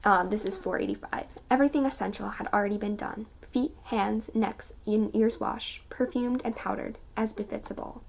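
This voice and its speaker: A woman's voice: mid-range voice, fairly even intonation, moderate pace, vocal fry, few pauses. An eighteen-year-old woman chatting casually in a reading vlog, reading passages aloud and gushing between them with fillers and giggles. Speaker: book vlogger.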